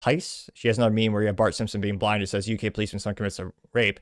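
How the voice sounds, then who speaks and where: Recorded dry in studio quality, this man speaks in a lowish, level tone. He hosts a commentary show, reading out social media posts and briskly mocking them in between.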